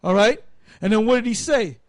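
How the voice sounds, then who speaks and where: Man, casual Bible teacher, high voice, dry recording, loose and emphatic. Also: lively intonation, fairly quick, no room sound. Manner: rambling, restarts, emphatic. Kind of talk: casual preaching.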